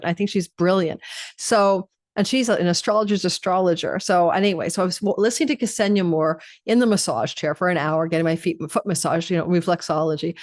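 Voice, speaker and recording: A woman's voice: fairly low pitch, dry recording, clean studio sound. A middle-aged woman, an astrology host, talking casually to her viewers and telling a rambling story with frequent restarts.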